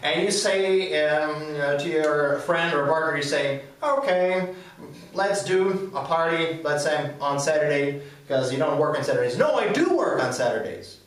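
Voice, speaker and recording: A man's voice: on the high side, fairly even intonation, measured pace, fairly bright tone, recorded from a distance. A man whose first language is Ukrainian, patiently explaining English grammar in a lesson and often checking with "all right?". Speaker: English teacher. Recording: echoey room, speaker away from the mic.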